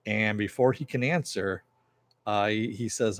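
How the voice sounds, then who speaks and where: A man's voice: on the low side, unhurried, a bit bright. A man reviewing a TV episode in a casual recap, rambling with lots of fillers and some swearing.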